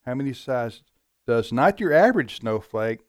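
A man's voice: medium pitch, lively intonation, moderate pace, no echo, studio quality. Guy cohosting radio trivia, goofy mock-serious, voice jumps around a lot. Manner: joking, mock-serious, chuckles often. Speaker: radio show co-host. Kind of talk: casual chat, trivia questions.

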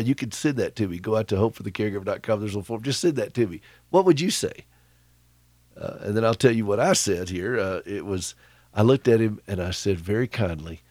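A man's voice: mid-range voice, no room sound. A middle-aged man, hosting a radio show and telling stories with a chuckle, often asking his listeners questions. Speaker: radio host. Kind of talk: conversational radio talk.

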